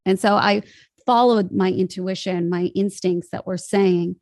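A woman from Chicago, a voice coach guest on a podcast, telling a story in a lively way and laughing often. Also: on the low side, normal speed, dry recording, studio quality. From Chicago, US Midwest. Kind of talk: casual interview chat.

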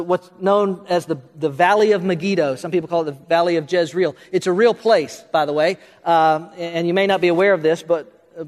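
Male preacher, high voice, long hall reverb, quick and restarting sermon delivery. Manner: talks quickly, restarts and fills in with uh, rising to questions. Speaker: pastor.

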